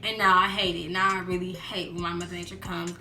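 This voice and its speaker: A young woman chatting casually in a storytime vlog, acting out quotes in lively voices. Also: on the low side, fast talker. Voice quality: animated, acts out quotes in voices. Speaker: vlogger. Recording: roomy echo with background music.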